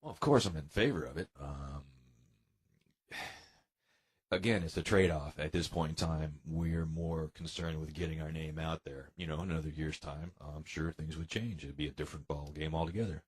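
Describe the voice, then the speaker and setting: An American man from New York, a guest musician chatting casually in an interview, relaxed with plenty of fillers and sighs. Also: extremely low pitch, normal speed, slightly rough. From New York, United States.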